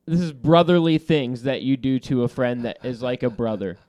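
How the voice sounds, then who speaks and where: A man's voice: mid-range voice, normal speed, no room sound. A man hosting a podcast, telling a heated story with lots of swearing and laughter in casual banter. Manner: animated storytelling with profanity and laughter. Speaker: podcast host.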